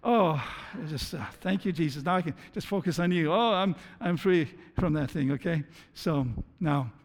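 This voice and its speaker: A man with a notably high voice preaches a sermon to his church. He speaks earnestly, often tripping over and repeating words before pressing on. A long hall reverb trails every phrase. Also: darkish tone. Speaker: pastor.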